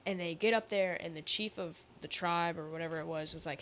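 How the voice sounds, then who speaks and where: A woman's voice: fairly low pitch, a little fast, a little hiss or hum. A woman telling a story in casual chat, chatty with many fillers. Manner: chatty, many likes and ums.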